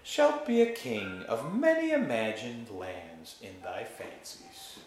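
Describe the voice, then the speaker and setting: A man voicing a scheming witch queen in a soft, soothing, musical way, read aloud in a roomy space. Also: on the high side, huge pitch swings, measured pace, a little hiss or hum. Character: sweet-voiced scheming witch queen, woman.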